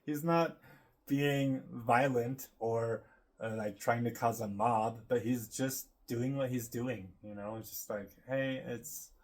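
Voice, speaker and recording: A man talking to his camera in a loose, rambling way, with lots of filler words and quick laughs along the way. His voice sits at an ordinary middle pitch, and he sounds relaxed and unscripted. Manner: meandering, full of fillers, laughs often. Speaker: vlogger. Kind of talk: casual rambling monologue to camera.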